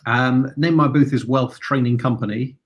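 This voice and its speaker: A man's voice: medium pitch, fairly even intonation, moderate pace, highs cut off. A man being interviewed as a trading coach over a video call, speaking hesitantly and repeating words.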